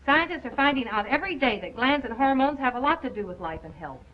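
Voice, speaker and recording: A spunky young reporter from a 1940s film, eager and insistent. Her voice sits high. The sound is dull and lo-fi, like an old film soundtrack. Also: lively intonation, fast.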